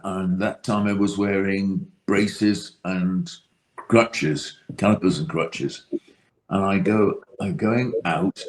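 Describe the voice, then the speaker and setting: A man with a British accent telling a dry, self-deprecating anecdote as a guest. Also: deep voice. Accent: British English. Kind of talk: casual anecdote.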